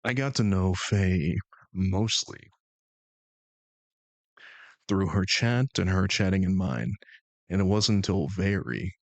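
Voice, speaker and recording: Guy streaming, low voice, joking around w chat, super dry sound. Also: slow, pauses often, no echo. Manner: playful, bantering with chat, thanking viewers. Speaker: streamer host. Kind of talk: casual live-stream chat.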